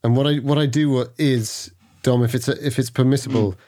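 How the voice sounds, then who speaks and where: A man's voice: mid-range voice, fairly even intonation, a little fast, mellow. A man at a tabletop game who narrates his character's moves in a stammering way, repeating words as he goes. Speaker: player.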